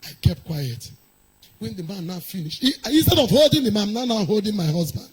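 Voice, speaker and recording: A middle-aged woman, a pastor's wife telling a personal story in a sermon, animated and laughing often. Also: medium pitch, brisk, breathy edge, poor audio.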